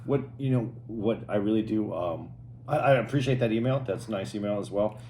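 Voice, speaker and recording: A man co-hosting a podcast, talking in a thoughtful, halting, earnest way. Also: lowish voice, dark tone, slight background noise. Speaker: podcast co-host. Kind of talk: casual podcast chat.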